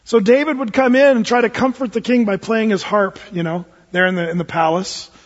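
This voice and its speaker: Animated pastor in a reverberant hall. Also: male voice, high voice, fairly quick. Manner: animated, acts out voices of the story figures. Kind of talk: storytelling sermon. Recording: dull lo-fi recording in a reverberant hall.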